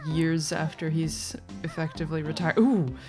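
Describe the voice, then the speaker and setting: A low-voiced woman with a gravelly, fry-laden edge calls a race in a loose, rambling way. She laughs often and keeps apologizing as she goes. Game music plays behind her. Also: a little slow. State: sleepy, yawning. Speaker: race commentator. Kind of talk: casual live commentary.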